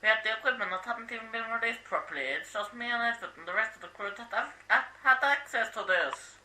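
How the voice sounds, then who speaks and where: A man voicing a dismayed male meerkat crew member in an amateur animated movie, soft and deflated. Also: extremely high pitch, fast, voice pushed up, exaggerated voice. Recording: distant, roomy echo.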